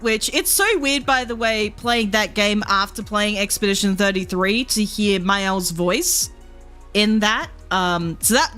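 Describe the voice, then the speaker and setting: A woman's voice: medium pitch, pushed and bright. A woman streamer chatting casually, laughing often, swearing, and mimicking characters as she tells stories. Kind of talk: casual live-stream chat.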